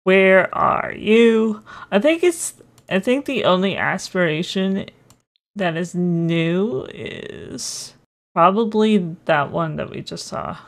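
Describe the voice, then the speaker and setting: A young woman commenting casually on a farming life-sim game, giggling often, thinking aloud and getting excitable. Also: on the low side, takes it slowly, vocal fry. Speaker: gaming channel host.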